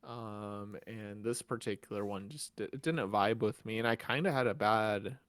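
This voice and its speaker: Halting man co-hosting a podcast. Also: on the low side, fairly bright tone, dry recording, clean studio sound. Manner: halting, restarts often, laughs easily. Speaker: podcast co-host. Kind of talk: casual chat.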